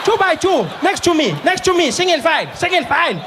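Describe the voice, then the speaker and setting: A man voicing a panicking woman schoolteacher who shouts shrill orders at a class of children. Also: sing-song, fairly quick, noisy background. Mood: panicked. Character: frantic woman schoolteacher losing control.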